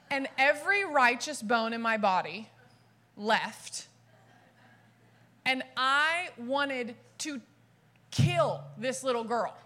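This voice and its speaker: Bright-voiced Southern woman preaching. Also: a little high, takes it slowly, long pauses. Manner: animated, humorous storytelling. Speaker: conference speaker. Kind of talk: sermon with personal stories.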